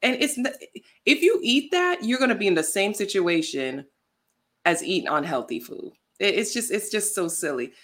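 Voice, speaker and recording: A woman guest on a podcast, chatting casually and telling animated stories in which she acts out what people said. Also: mid-range voice, normal speed. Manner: animated storytelling, acts out quotes. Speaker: guest, plant-based lifestyle influencer.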